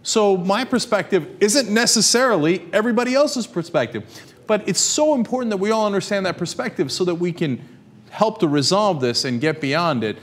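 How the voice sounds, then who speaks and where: A man's voice: high-pitched, lively intonation, brisk. A man hosting a panel discussion, reflective as he explains his point. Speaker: show host.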